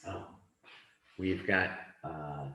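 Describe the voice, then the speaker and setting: A man teaching an English lesson online, speaking slowly and deliberately and acting out example lines with exaggerated expression. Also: very deep voice, roomy sound, a little hiss or hum. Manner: slow, deliberate, animated delivery with exaggerated read-out examples.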